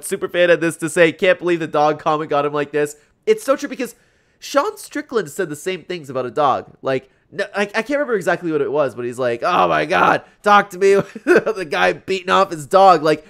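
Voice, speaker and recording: Reacting to fight clips on YouTube, a young man chats casually, laughs a lot, and peppers his speech with "like." He sounds animated and a bit bright, on the high side, and speaks fairly quickly.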